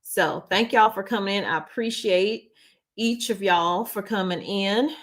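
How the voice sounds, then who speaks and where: A woman's voice: mid-range voice, unhurried. A middle-aged woman, hosting a casual news vlog and greeting viewers by name. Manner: chatty, warm-hearted, talks to viewers by name. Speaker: channel host.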